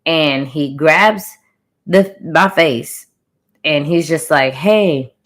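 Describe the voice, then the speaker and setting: Speaking straight to the camera, a young adult woman retells a dream to her viewers in an emphatic, slangy manner. Her voice sits low and moves slowly, with a fairly bright tone. She is a spiritual reader sharing a channeled message.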